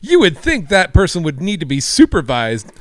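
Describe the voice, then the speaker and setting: A man's voice: on the high side, huge pitch swings, normal speed, dry recording. Dry-sounding man making wry asides. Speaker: podcast co-host. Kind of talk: casual chat.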